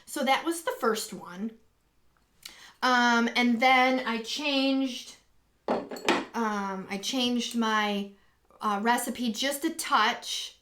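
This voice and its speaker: Chatty, higher-voiced woman live streaming. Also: very slow, long pauses. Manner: chatty and rambling, many ums and restarts; excitable and gushing when greeting viewers. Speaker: live stream host and acrylic pour artist. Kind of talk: casual live-stream chat. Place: home, indoors.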